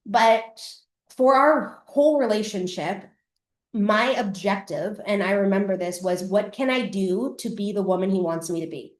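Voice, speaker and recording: A woman's voice: mid-range voice, a little slow. Canadian coach lady telling her story live, blunt and sweary, voice bouncing round an echoey room. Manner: candid, swears freely, acts out past selves. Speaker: podcast host and coach.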